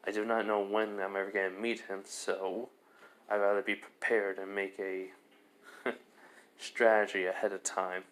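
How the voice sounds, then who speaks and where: A man voicing a teenage boy who has turned serious and determined, speaking in a calm, earnest, low-key way. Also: moderate pace, natural voice.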